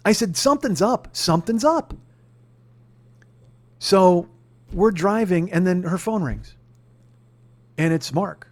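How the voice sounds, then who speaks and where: A podcast host in his forties tells a story with plenty of swearing and mock outrage. His voice sits a little high for a man and keeps rising into shouted rants. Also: animated, slow, pauses often. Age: 40s. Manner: profane ranting that climbs into shouting. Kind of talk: casual comedic storytelling.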